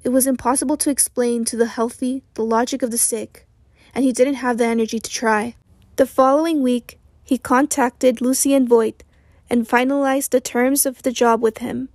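Lady reading an audiobook, steady and measured, dry close sound. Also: a little high, no echo. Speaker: audiobook narrator. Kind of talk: scripted narration.

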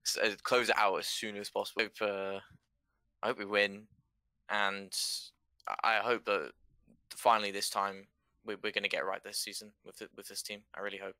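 Earnest young-sounding man, bright flat voice. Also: on the low side, moderate pace, smooth, no room sound. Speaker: esports team player. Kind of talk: casual interview answers.

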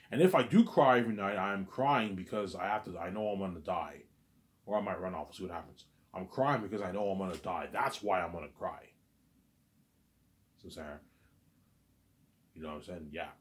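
Low-voiced man rambling agitatedly. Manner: repetitive, stammering, agitated. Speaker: vlogger. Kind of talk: rambling monologue.

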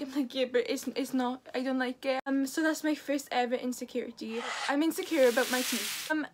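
A woman's voice: high-pitched, quick pace, few pauses, a little hiss or hum. A Welsh woman in her late teens chatting casually to camera as a vlogger, dropping "like" into her sentences often. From Wales. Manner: chatty, says "like" a lot.

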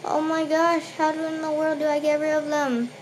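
A woman's voice: high-pitched, monotone, moderate pace, a little hiss or hum. A woman playing a video game and commentating it, often panicking and repeating words in bursts as she talks back to the enemies. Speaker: gaming channel host. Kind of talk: let's play commentary.

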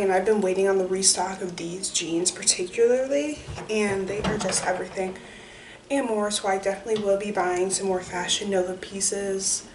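Young woman vlogger, casual and chatty, mid pitch; roomy echo, distant camera mic, noisy. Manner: chatty, lots of "like" fillers. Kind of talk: casual vlog chat. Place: bathroom at home. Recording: echoey room, mic far off, noisy.

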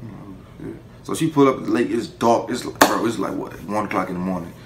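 A young man telling a casual story to the camera, animated and profane, breaking into laughter. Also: fairly low pitch, fast, very noisy. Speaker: vlogger. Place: indoor room, seated before camera.

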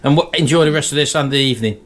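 A man's voice: medium pitch, very fast, a bit bright, a little hiss or hum. An older man vlogging at a family home, joking and teasing the people around him in casual chat.

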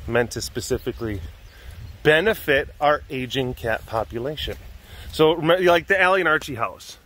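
A man's voice: mid-range voice, expressive, moderate pace, pushed and bright, low-quality recording. A man vlogging casually outdoors at a wild animal facility, rambling playfully with lots of fillers. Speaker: big cat keeper and vlogger. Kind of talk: casual vlog talk.

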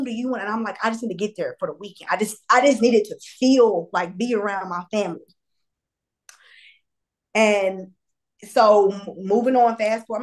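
A young woman, a podcast guest, telling a candid personal story and acting out the dialogue with lively jumps in pitch. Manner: animated, acts out quoted dialogue with pitch jumps; repeats herself and apologizes for rambling.

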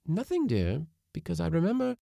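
A woman's voice: fairly low pitch, huge pitch swings, moderate pace, creaky, mellow, no echo, clean studio sound, pitched above the performer's own voice, exaggerated voice. A man voicing a flustered Victorian wife who fusses anxiously over her husband. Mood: puzzled. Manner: anxious, fussing.

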